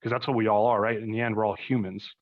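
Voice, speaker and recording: A man's voice: on the low side, level tone, fast. A young man, a podcast guest, rambling through casual stories with lots of fillers and asides. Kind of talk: casual conversation. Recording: slightly muffled recording.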